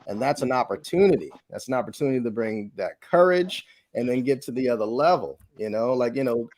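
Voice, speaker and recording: A man's voice: mid-range voice, lively intonation, fairly quick, darkish tone, no room sound. A man on a spiritual panel, talking reflectively and working through analogies with many fillers. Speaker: panel guest.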